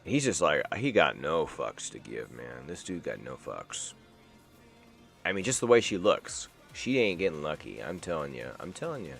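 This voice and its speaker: Low guy ranting on his stream, swears a lot, cracks jokes, bit of music in the back. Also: big pitch swings, moderate pace, gravelly, fairly bright tone. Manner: profane, wisecracking, rambling. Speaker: streamer host. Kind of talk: casual live-stream news reaction.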